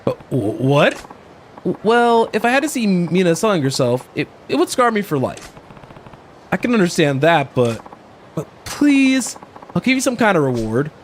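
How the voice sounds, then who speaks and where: A worried middle-aged dad pleads in a video game, his voice pushed up high as he stammers with nerves, done by a man reading the lines. He comes across as desperate and jittery. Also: sing-song, moderate pace, slight background noise. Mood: pleading.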